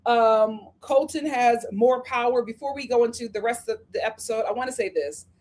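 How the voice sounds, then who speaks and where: A woman's voice: on the high side, normal speed, darkish tone. A woman hosting a live review of a reality show, talking casually and acting out the cast members' lines as she recaps.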